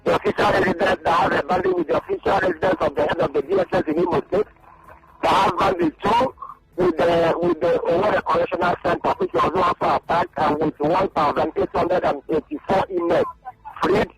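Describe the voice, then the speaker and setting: Emphatic journalist, gravelly and lively. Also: male voice, sits high, fairly quick, loud music behind the voice, poor audio. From Nigeria. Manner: emphatic, repeats points. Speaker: journalist guest. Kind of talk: phone-in radio interview.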